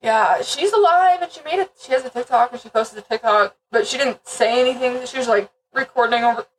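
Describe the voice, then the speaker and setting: A blunt woman co-host with a fairly high voice who swears freely and wanders into rambling asides. She sits a little back from the microphone, and a faint hiss runs underneath her voice. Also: a little fast, far from the mic, rough recording. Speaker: podcast co-host. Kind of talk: casual chat.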